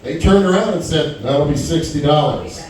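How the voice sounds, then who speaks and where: A man doing a stand-up comedy set in a small club, brash and crude with animated delivery. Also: on the high side, normal speed. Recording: echoey club heard from far off. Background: audience chatter and laughter.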